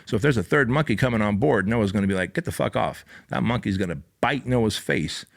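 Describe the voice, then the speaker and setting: A middle-aged man hosting a podcast, giving an intense, profane motivational monologue that climbs into fervent, near-shouted passages. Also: lowish voice, a little fast, gravelly. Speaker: podcast host.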